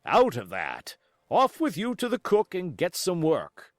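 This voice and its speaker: A man voicing a strict sea captain who gives clipped, deliberate commands. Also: fairly high pitch, wildly swooping pitch, no echo, studio quality, voice pushed up, heavily acted. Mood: stern. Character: stern, curt male sea captain, strict.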